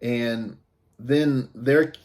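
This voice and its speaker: A man's voice: mid-range voice, drawn-out words, a little mellow. A man giving a casual, rambling review of a TV episode, with many fillers and restarts.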